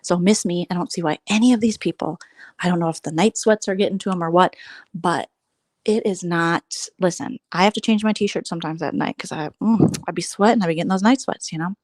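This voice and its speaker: A woman's voice: on the low side, a little fast, darkish tone, dry recording, clean studio sound. An American woman hosting a casual livestream, giving sarcastic, gossipy commentary on online drama and thanking viewers for super chats. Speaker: livestream host.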